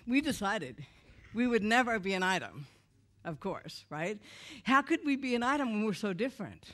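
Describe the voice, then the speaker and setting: A woman tells a humorous personal testimony to a church audience, in a lively way, acting out the voices of the people in her story. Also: medium pitch, normal speed. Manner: animated, humorous, acts out quoted voices. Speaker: speaker giving a personal testimony. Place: church event before an audience.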